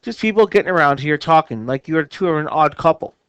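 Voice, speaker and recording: Man reading out a teasing teen girl, blunt, plain read-aloud lines, slightly high voice. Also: animated, quick pace, fairly bright tone, clear, resonant tone, dry recording, muffled recording.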